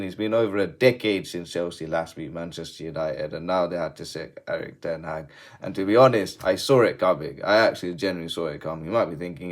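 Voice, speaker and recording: Male football vlogger, low voice, loose sweary rant delivery. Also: fairly quick. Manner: swears freely, swings between laughing and grumbling. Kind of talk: casual post-match rant.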